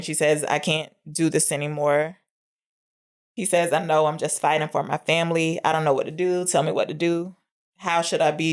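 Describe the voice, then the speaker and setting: Female podcast co-host, low voice, casual film recap, earnest.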